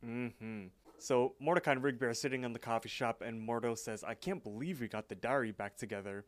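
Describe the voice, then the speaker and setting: A man co-hosting a podcast, casually recapping a cartoon episode in a relaxed, rambling way. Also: mid-range voice, a little fast, no room sound. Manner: relaxed storytelling with frequent fillers and laughs. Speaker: podcast co-host.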